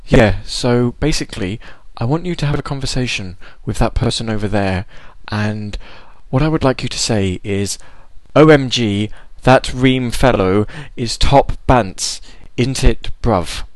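A man putting on a bossy TV producer who gives flat, quiet instructions. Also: medium pitch, a little slow, hardly any pauses, no room sound, pitched below the performer's own voice, natural voice, low-quality recording. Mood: instructing.

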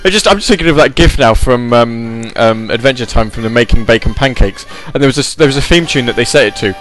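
A man's voice: medium pitch, animated, fast talker, fairly bright tone. A man hosting a casual chat show, rambling and joking with lots of fillers and restarts. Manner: rambling, jokey, puts on silly voices. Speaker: podcast host.

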